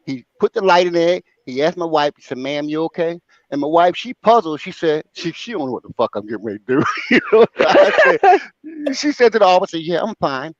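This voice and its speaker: Host, older man, comic storyteller, high animated voice, laughs often, dry dull recording. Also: brisk, no echo. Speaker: show host.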